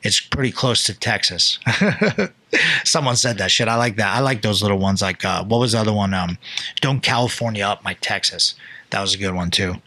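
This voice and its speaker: Profane, excitable young man spinning a story. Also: on the low side, no room sound. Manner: loose, profane, excitable storytelling with quick impressions. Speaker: podcast co-host telling a story. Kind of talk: casual storytelling chat.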